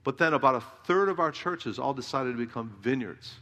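Preaching in a big hall with long reverb, this middle-aged Southern California pastor hurls rhetorical questions at the congregation. His medium-pitched voice sounds pushed and bright, and he talks a little fast.

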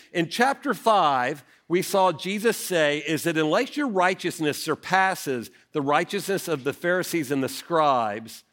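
A man, a senior pastor preaching a sermon, telling stories and acting out the quotes in them. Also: high-pitched. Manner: animated storytelling, acts out quotes.

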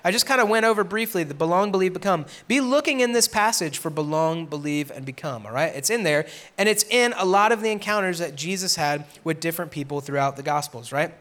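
A man's voice: a little high, a little fast, few pauses, a bit bright. A man teaching a casual Bible lesson to middle schoolers as a youth pastor, reading scripture aloud with asides and checking in with "right?". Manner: conversational, checks in with frequent "right?".

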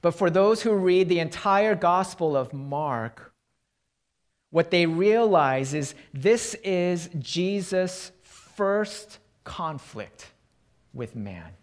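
A man preaching a sermon as pastor, telling illustrative stories and dropping into quiet emphasis on key points. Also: high voice, expressive, very slow.

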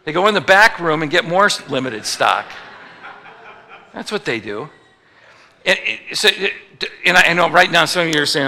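Man, pastor, sermon, playful and teasing, very bright tone, long church-hall reverb. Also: fairly high pitch, lively intonation, normal speed, gravelly, long pauses. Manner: jokey, acts out little voices for the people he quotes.

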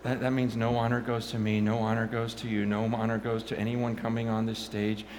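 A man preaching a sermon on a stage, telling a story with passion and frequent stammering restarts, at times nearly shouting. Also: lowish voice, flat delivery, fairly quick, slight background noise.

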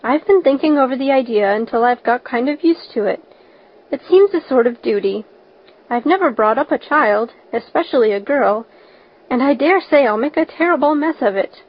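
A woman voicing a stern, practical older woman who speaks in a brisk, scolding way. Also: sits high, expressive. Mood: dry resolve. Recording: dull lo-fi recording.

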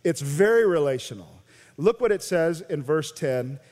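Preaching a sermon, a high-voiced American pastor addresses his congregation at normal speed. His animated delivery alternates between loud, emphatic peaks and hushed intensity, and the audio carries the long reverb of a big sanctuary.

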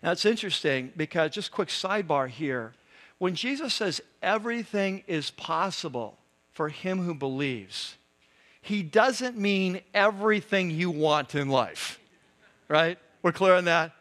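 A man's voice: high-pitched, lively intonation, unhurried, a bit bright. A man preaching a sermon in a conversational way, full of asides and tag questions. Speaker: pastor.

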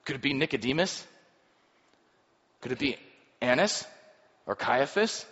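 A man preaching a sermon as a pastor, animated and musing aloud about the scenes he describes. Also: medium pitch, a little slow, slightly rough. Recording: muffled reverberant hall recording.

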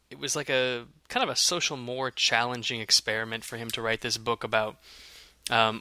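Male podcast co-host, bright tone, chatty and halting, dry booth sound. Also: mid-range voice, no room sound. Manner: chatty, hesitant, many fillers and restarts. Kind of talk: casual chat.

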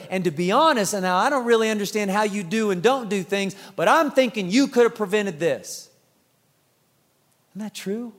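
A man in his thirties preaching a sermon, telling stories with humor and acting out family scenes. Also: high voice. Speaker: pastor. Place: church sanctuary. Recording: long church hall reverb.

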